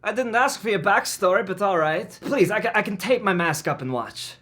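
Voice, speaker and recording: A man's voice: high voice, expressive, fairly quick, bright, forceful tone, voice pushed up, heavily acted. A man playing an intense young Swedish film fan with a put-on Swedish accent in an improvised comedy skit, earnest and flustered. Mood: pleading.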